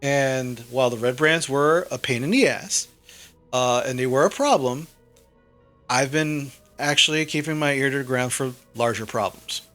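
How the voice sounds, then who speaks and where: A man's voice: mid-range voice, moderate pace, fairly bright tone, faint music behind, close to an everyday voice. A man voicing a blunt, businesslike retired older man who rambles with many fillers.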